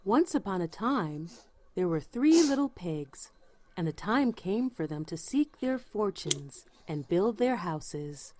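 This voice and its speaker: A woman narrating a fairy tale as a scripted storybook read-aloud, with an expressive, unhurried delivery. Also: fairly low pitch, a little hiss or hum.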